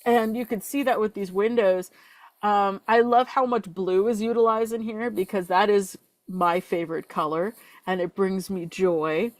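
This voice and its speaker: A young woman co-hosting a fan podcast in casual chat, chatty with quick asides and filler words. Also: medium pitch, fairly even intonation, no echo. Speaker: podcast co-host.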